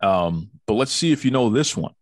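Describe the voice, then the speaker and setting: A man's voice: on the low side, lively intonation, normal speed, no echo, studio quality. A man hosting a podcast in casual interview chat, jokey and teasing in playful banter. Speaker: podcast host. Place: home studio in Boston.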